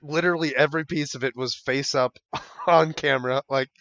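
A man co-hosting a casual podcast, telling stories in a lively way with lots of fillers and laughter. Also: mid-range voice, a little fast, no room sound, lo-fi sound. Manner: animated storyteller, many fillers and laughs. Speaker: podcast co-host.

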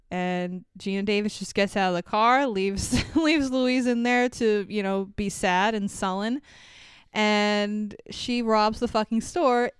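A woman's voice: mid-range voice, clear, resonant tone, dry recording, studio quality. A woman co-hosting a podcast, recapping a movie in casual chat, swearing freely and laughing often. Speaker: podcast co-host.

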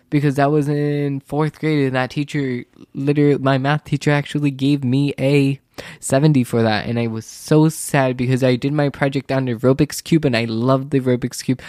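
A teenage male student telling a rambling, casual story, full of "like" and "literally," and growing animated when he feels wronged. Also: medium pitch, no echo, studio quality.

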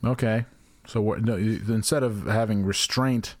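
Profane ranting man, low voice. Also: fairly even intonation, moderate pace, darkish tone, dry recording, clean studio sound. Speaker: podcast co-host. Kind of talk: casual comedic chat.

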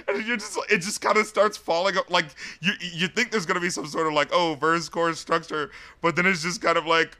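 A young man reviewing a rap album on a casual podcast, animated and quick to laugh. His voice sits a little high for a man and sounds bright and forceful. He breaks into exaggerated voices when he quotes lyrics.

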